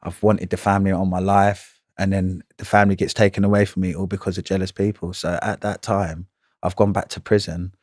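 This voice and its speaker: A man's voice: low-pitched, flat delivery, fairly quick, darkish tone, no echo, studio quality. A man, telling prison stories in a casual interview, in heavy slang with frequent swearing and "you know what I mean".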